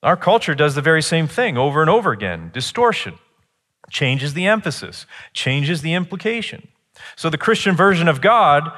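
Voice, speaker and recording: A middle-aged man preaching a sermon in an earnest teaching tone, rising higher and louder when he presses a point.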